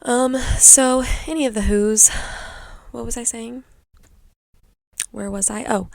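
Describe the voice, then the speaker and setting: A woman's voice: on the high side, steady tone, slow, gravelly, darkish tone, dry recording. A young woman hosting a podcast, rambling through a chatty story in a casual way. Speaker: podcast host. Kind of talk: casual chat.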